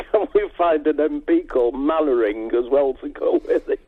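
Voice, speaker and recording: A man's voice: on the high side, animated, moderate pace, dry recording. A man of sixty-six calling in, rambling and telling old-fashioned jokes. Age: 60s. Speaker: caller. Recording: tinny phone line.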